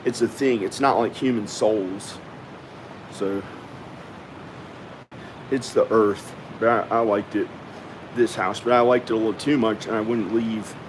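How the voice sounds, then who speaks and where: A man's voice: on the low side, fairly even intonation, a little slow, long pauses. Rambling man over an air-conditioner hum. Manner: rambling, repeats himself, talks to the viewer. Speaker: vlogger. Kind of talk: casual rambling monologue to camera. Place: at home indoors.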